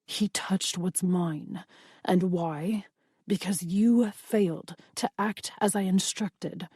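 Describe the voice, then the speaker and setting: A woman voicing a possessive male vampire lord with a silky, quietly threatening manner, in an audiobook. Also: mid-range voice, slow, breathy edge, dry recording, clean studio sound. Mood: menacing. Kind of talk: audiobook dialogue reading.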